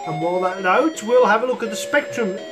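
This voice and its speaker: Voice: medium pitch, a little fast. A retro gaming host who gives casual, chuckling commentary on his own play and often laughs at himself. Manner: chuckling often, self-mocking. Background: chiptune game music.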